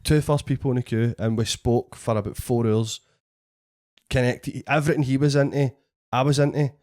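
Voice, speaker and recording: A man with a Scottish accent, a podcast host and comedian, telling an animated story full of swearing in casual chat. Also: medium pitch, normal speed. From Scotland.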